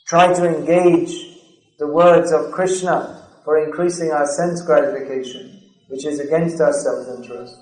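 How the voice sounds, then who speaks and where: A man giving a spiritual lecture on scripture, measured and drawn out, reciting Sanskrit verses. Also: a little high, a little mellow. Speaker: spiritual teacher. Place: lecture hall. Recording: echoey hall recording.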